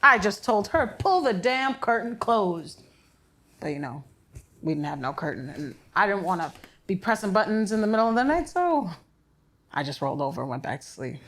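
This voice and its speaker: A woman playing an older, sick father who is gruff, crude and wry, telling blunt, profane stories in a stage play. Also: medium pitch, sing-song, moderate pace, fairly bright tone. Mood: sardonic. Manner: blunt, sardonic, profane storytelling.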